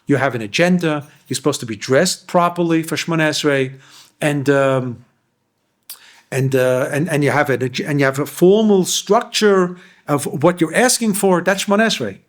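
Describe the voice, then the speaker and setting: Man, rabbi, high-pitched voice, Torah class, explaining verses, questioning the room. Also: moderate pace. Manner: explains Hebrew verses line by line, often asks the class questions. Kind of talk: Torah lecture.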